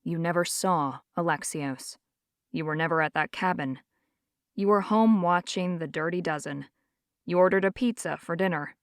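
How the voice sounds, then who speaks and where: A woman narrator voicing a calm, firm man who hunts demons, in an audiobook. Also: measured pace, no echo, studio quality. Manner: firm, calm, low-key.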